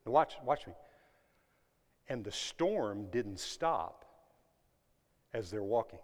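A man preaching a sermon to his congregation, swinging between loud emphatic lines and hushed ones and asking them questions. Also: lowish voice, animated, takes it slowly. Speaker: pastor. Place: church sanctuary. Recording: long reverb of a large hall.

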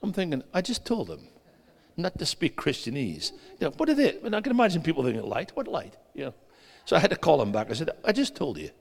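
Man, guest preacher, sermon, swings from loud to hushed, asks the crowd questions, long reverb of a church hall. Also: a little high, wildly swooping pitch, fast, gravelly.

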